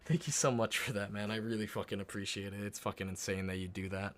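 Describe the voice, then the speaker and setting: Low-voiced casual streamer, swearing freely. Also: male voice, quick pace, slight background noise. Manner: relaxed, swears often, talks to chat while working; mutters softly while concentrating. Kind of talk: casual live-stream chat while painting miniatures.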